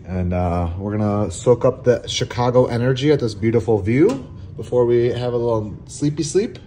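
A man's voice: medium pitch, expressive, moderate pace, mellow, slight background noise. A man hosting a casual travel vlog, upbeat and chatty, laughing often. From Florida. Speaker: vlog host.

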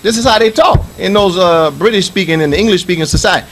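A man's voice: high voice, fast talker, a bit bright, slight background noise, low-quality recording. A middle-aged man from the United States giving a Friday sermon as imam in a mosque, preaching emphatically with repetition and reciting Arabic scripture.

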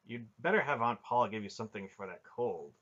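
A man's voice: fairly low pitch, lively intonation, fairly quick, fairly bright tone. A man voicing a sensible young man who talks plainly and practically, on a dull lo-fi recording.

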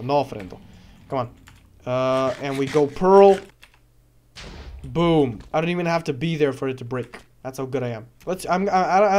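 A man with a high voice narrates his own gameplay as it happens. He gets worked up fast and yells and swears at the game. In between he stumbles and repeats himself as he rambles on. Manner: excitable, swears and yells at the game, trash-talks it. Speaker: gaming video creator. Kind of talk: live gameplay commentary.

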